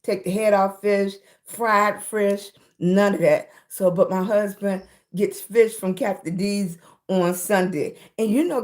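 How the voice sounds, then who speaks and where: A woman's voice: mid-range voice, a little mellow. A middle-aged woman hosting a casual livestream from her room, chatting and greeting viewers by name, often calling them baby. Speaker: livestream host.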